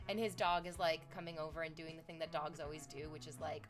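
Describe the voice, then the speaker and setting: A woman's voice: low voice, level tone, fast, music in the background. A young woman streaming from Canada, chatting with viewers in a rambling, sarcastic and profane way. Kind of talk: casual stream chat.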